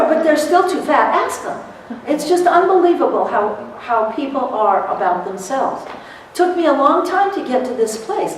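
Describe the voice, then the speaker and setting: A middle-aged woman giving a lively motivational seminar to court reporters, telling stories and acting out what people said, laughing often. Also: high-pitched, slight background noise. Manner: animated storyteller, laughs often, acts out quotes. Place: seminar hall. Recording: echoey hall, recorded from far off.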